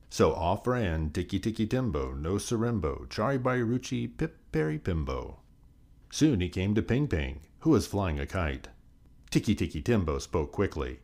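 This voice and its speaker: A man reading a children's folk tale aloud in a sing-song, expressive storyteller's manner. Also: low voice, moderate pace.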